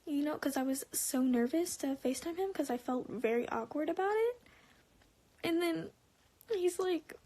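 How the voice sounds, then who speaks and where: A woman telling a personal story on a live stream, rambling with lots of "like" and restarts, sometimes dropping to a soft whisper. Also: high voice, animated, normal speed. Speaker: livestreamer.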